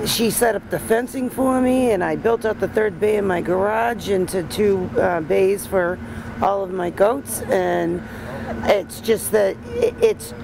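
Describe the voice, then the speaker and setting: Brief: woman in her 50s, goat farmer, gravelly voice, halting answers, loud outdoor noise. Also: mid-range voice, animated. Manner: rambling, halting, with restarts. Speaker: goat farm owner, guest. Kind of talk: casual interview answers. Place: outdoors at a farm. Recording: noisy outdoor recording.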